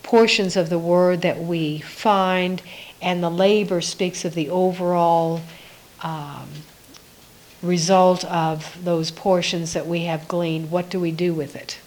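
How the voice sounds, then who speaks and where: A woman giving a reflective devotional Bible teaching, musing aloud with soft laughs. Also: on the low side, fairly even intonation, slow, low-quality recording.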